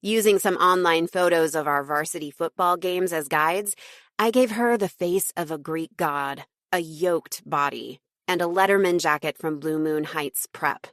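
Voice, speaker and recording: A woman's voice: low voice, a little slow, a bit bright, no room sound, studio quality. A woman reading a first-person audiobook in a snarky, wry tone. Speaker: audiobook narrator.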